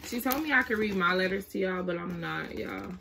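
A woman's voice: fairly low pitch, animated, brisk, vocal fry, bright, forceful tone, slight background noise. A young woman chatting casually to camera as a vlogger, often apologizing and talking to her baby while she looks through letters.

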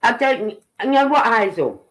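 With a slightly high, a bit bright, sing-song voice at a moderate pace, this middle-aged Brummie from Birmingham, England hosts a livestream. Her casual commentary rambles along, repeatedly tagged with "right?" and "you know what I mean", and the recording is rough.

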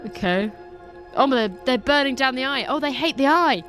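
Her voice is high, animated and fairly bright, moving at a moderate pace with faint music behind. She's a young streamer doing let's play commentary on a game new to her, reactive and giggly, laughing often and letting out nervous, spooked exclamations.

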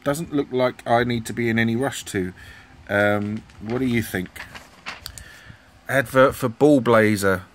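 A man's voice: medium pitch, measured pace, long pauses, a little hiss or hum. Rambling middle-aged man. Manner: rambling, hesitant, many ums, asks viewers questions. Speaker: retro gaming YouTuber. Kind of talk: casual commentary flipping through a magazine.

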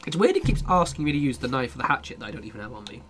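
A man's voice: medium pitch, big pitch swings, very fast, a bit bright, slight background noise. A young man casually commenting on a survival game as he plays, swearing and talking back to his chat. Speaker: streamer.

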